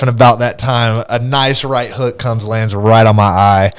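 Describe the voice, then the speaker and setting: Low-voiced young man telling stories. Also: little pitch movement, a little slow, few pauses, clean tone, no echo. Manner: laughs often while telling stories. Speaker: podcast host. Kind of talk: casual storytelling.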